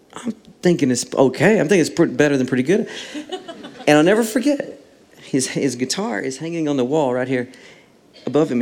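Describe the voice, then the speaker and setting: A man, a songwriter and guest, telling stories in a casual interview and acting out the dialogue. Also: fairly high pitch. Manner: animated storyteller acting out dialogue.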